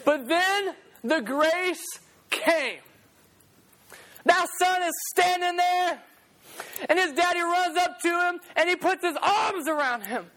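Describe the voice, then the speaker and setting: Brief: young male youth preacher, fairly high voice, loose and animated storytelling. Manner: animated, laughs often, slangy asides. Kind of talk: casual storytelling sermon.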